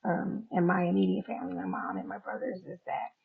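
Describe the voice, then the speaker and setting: A woman's voice: medium pitch, little pitch movement, fairly quick, gravelly, slightly rough. A middle-aged woman hosting a podcast, talking candidly about her own feelings, often laughing and swearing casually. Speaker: podcast host. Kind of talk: candid personal talk. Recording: dull lo-fi recording.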